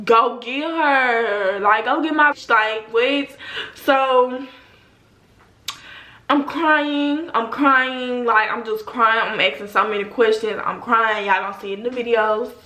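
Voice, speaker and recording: A young adult woman vlogger telling a story in a slangy, animated way, talking straight to her viewers. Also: fairly high pitch, measured pace. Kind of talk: casual storytime. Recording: roomy echo.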